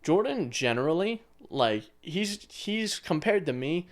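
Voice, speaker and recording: A man's voice: fairly high pitch, big pitch swings, unhurried. Rambling young man telling a story. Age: 20s. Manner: rambling storyteller, casual swearing. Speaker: podcast co-host. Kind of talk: casual chat.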